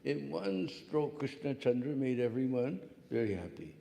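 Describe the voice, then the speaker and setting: A man tells a devotional story as a spiritual lecturer, animated and often pausing for a quick "hmm?". His voice is mellow and sits in the middle of the male range. The recording has the long reverb of a big hall. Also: mid-range voice, creaky. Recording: echoey hall.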